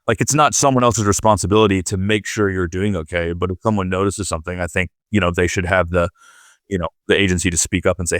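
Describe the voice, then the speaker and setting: A man's voice: low voice, steady tone, quick pace, fairly bright tone, dry recording, studio quality. A man co-hosting a leadership podcast, thinking aloud in a loose, conversational way with lots of fillers. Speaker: podcast co-host.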